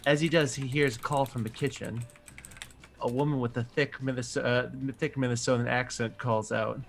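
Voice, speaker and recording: A man's voice: mid-range voice, steady tone, normal speed, creaky, faint music behind. A man narrating as game master of a tabletop game, an easygoing storyteller who chuckles often.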